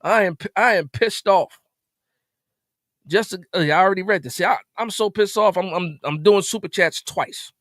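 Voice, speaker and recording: A man hosting a live stream, ranting in an exasperated way after a game, repeating himself and jumping suddenly louder. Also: sits high, no echo, clean studio sound. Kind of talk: animated post-game rant.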